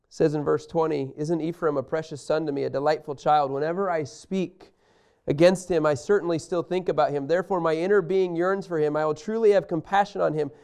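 A man whose smooth voice is on the high side and a little fast reads scripture aloud during a Bible lesson. He explains it with emphatic animation, talking directly to the people in front of him.

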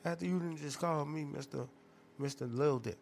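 A man hosting a podcast, telling stories in a profane, animated, rambling rant. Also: a little high, moderate pace, vocal fry, slight background noise. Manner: profane, animated storytelling with loud laughing outbursts. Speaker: podcast host.

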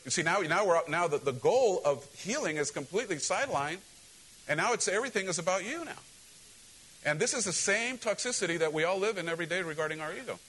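Animated man preaching a sermon. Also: sits high, fast talker, low-quality recording. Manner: animated, acts out quoted voices, addresses the congregation. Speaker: pastor. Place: church.

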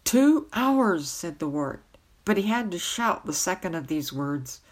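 A woman narrating a novel aloud in a gentle, measured read-aloud style. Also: low voice, expressive. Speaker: storyteller reading a novel aloud.

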